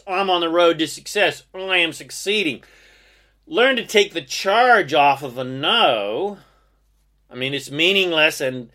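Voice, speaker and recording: A man delivering a motivational podcast monologue in a bright, forceful voice pitched a little high. He exhorts the listener with emphatic, sometimes profane conviction. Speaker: podcast host and success coach.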